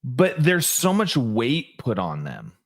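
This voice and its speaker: This podcast co-host has a mid-range voice and speaks at a slow pace. He tells stories in a lively, casual way, saying "like" a lot and often starting sentences over.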